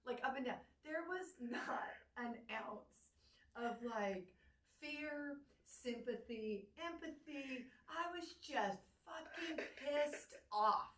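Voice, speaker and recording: A woman's voice: high voice, a bit bright. Blunt, emphatic woman co-host, echoey room. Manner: blunt and emphatic, quick to laugh. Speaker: podcast co-host. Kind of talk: casual chat. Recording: echoey room, far from mic.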